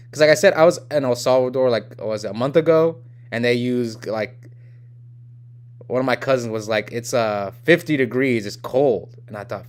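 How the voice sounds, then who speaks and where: Chatty young man hosting a live stream. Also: mid-range voice. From United States. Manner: chatty, rambling, reads chat aloud. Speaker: livestream host. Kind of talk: casual live-stream chat reading comments.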